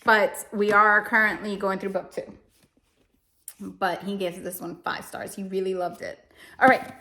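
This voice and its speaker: Measured and level, her mid-range voice carries a sharp edge. She is a homeschooling parent casually discussing the books her family reads, wandering a little and correcting herself, with an emotional, self-mocking manner.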